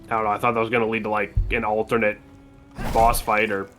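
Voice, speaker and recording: A man's voice: lowish voice, little pitch movement, fast, fairly bright tone, faint music behind. A man giving casual, sarcastic commentary while playing a video game, cursing freely. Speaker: game streamer.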